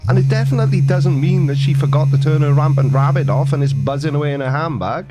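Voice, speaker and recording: A man's voice: a little high, quick pace, over loud music. A Welsh man in his forties with a sarcastic, jokey delivery, giving a comic monologue. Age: 40s. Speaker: YouTuber.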